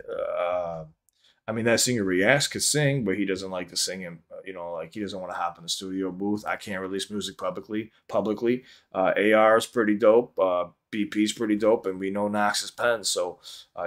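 A man with a lowish voice talks loosely to his live stream audience. He rambles, stops and restarts his sentences, and swears casually. He sounds like he is speaking into a desk mic at a home setup. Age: under 50. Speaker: livestream reaction host. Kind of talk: casual livestream chat.

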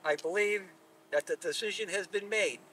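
A man's voice: high-pitched, moderate pace, a bit bright, slight background noise. A man voicing a great creator god who gives weighty, solemn judgments. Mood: stern. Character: great creator god, stern male judge. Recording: distant mic at live telling.

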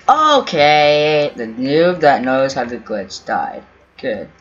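Very animated yet slow-paced, a male gaming YouTuber with a mid-range, fairly bright voice rambles through commentary on his own play. He talks to himself, begs and teases other players, with keyboard typing and faint game music behind dull, lo-fi audio.

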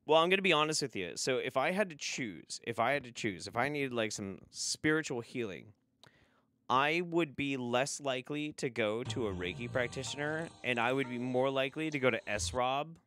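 Animated, sarcastic male streamer. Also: medium pitch, moderate pace. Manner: sarcastic, swears freely, laughs often. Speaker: livestream host. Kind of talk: casual livestream chat.

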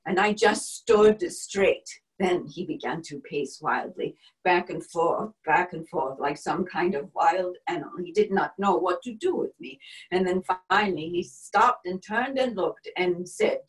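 A brave wartime helper, played by a woman, tells her story in a grave, measured first-person monologue. Her voice sits a little low and sinks at times to a hushed whisper. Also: natural voice, poor audio. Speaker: stage performer.

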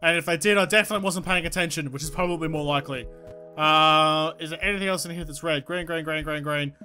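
A woman giving excitable, swear-filled let's-play commentary, talking to herself and the game. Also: low voice, quick pace. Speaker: gaming YouTuber. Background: game music.

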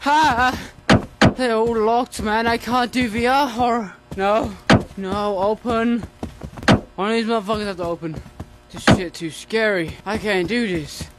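A man's voice: high voice, fairly even intonation, a little slow, heavy background noise. A man playing a horror game, screaming, swearing and begging for help as he goes. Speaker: gaming YouTuber. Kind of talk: panicked horror gameplay commentary.

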